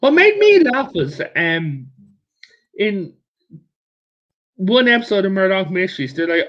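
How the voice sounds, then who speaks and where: A man guest chatting casually about history, telling his stories in an animated way with chatty asides. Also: sits high, measured pace, pauses often. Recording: muffled lo-fi audio.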